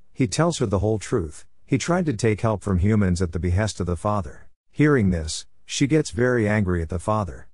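A man narrating a plot recap in a steady, even voice with simple phrasing. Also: lowish voice, dry recording, clean studio sound.

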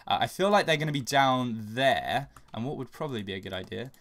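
A young man giving casual, chatty commentary over a video game he is playing, getting loud and swearing when under attack. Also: medium pitch, lively intonation, brisk. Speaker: gaming channel host.

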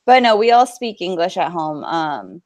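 Woman host with a Californian accent. Relaxed and giggly. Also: lowish voice, normal speed, no echo. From New Jersey. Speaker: podcast host. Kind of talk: casual podcast chat.

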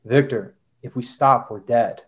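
A tense male secret agent on the run, read by a man in his everyday voice. The delivery is urgent and clipped, and the voice sits at an average male pitch. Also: unhurried, close to an everyday voice. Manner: plain reading voice, little change.

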